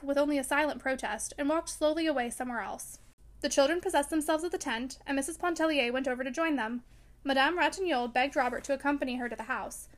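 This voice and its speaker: A woman narrating a classic novel aloud with a high voice. Her reading is measured and even. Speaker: audiobook reader. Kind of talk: scripted narration.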